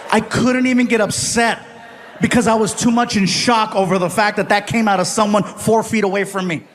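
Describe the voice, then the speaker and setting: A man in his forties performing a stand-up comedy routine on stage, telling animated stories and shouting out voice impressions. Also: sits high, fairly quick. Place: stage before a live audience.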